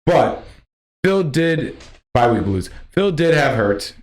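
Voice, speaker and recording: A man's voice: fairly high pitch, big pitch swings, slow. A man hosting a casual sports podcast, rambling through stats with frequent restarts. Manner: rambling, stat-heavy, restarts often. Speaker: podcast host.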